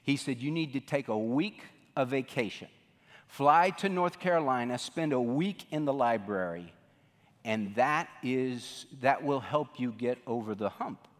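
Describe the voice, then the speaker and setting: Folksy pastor in a reverberant hall. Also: male voice, medium pitch, a little slow. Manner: folksy storytelling, animated quoting. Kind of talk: sermon. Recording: long reverb of a large hall.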